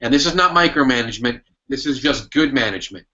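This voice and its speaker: A man's voice: mid-range voice, expressive, fast, bright, forceful tone, muffled recording. A man, a sales consultant and author, answering podcast interview questions with emphatic storytelling. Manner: emphatic storytelling, acts out his old manager's lines.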